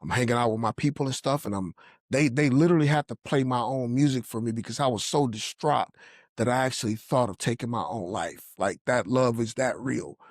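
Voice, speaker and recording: A man's voice: mid-range voice, brisk, no echo, clean studio sound. A man sharing a personal faith testimony in earnest storytelling, acting out the voices of people he quotes. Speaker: podcast guest telling his testimony.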